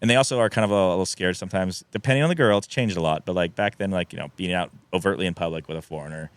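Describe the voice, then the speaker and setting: Deep-voiced guy rattling off a story quick, does the voices, laughs a lot. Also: clear, resonant tone. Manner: animated storyteller, acts out quotes, laughs often. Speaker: podcast guest. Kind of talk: casual storytelling. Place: podcast studio.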